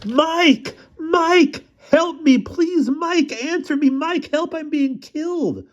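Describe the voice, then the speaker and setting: A man voicing a panicky boy camper who yells in a shrill, frantic voice. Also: animated, a little fast, close to an everyday voice. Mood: panicked. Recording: dull lo-fi recording.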